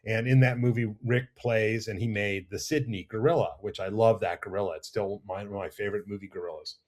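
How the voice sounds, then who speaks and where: A middle-aged man, a makeup effects artist, telling animated, rambling stories as a guest in a casual interview. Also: fairly low pitch, a little fast. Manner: animated, rambling anecdotes with restarts. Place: studio or lounge.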